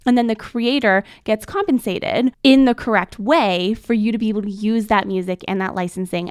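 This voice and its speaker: Woman host, middle-aged, mid-pitched, articulate coaching style, dead-dry booth sound. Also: smooth, dry recording. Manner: expressive, enunciating, coaching tone. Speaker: podcast host and production coach. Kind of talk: instructional podcast talk.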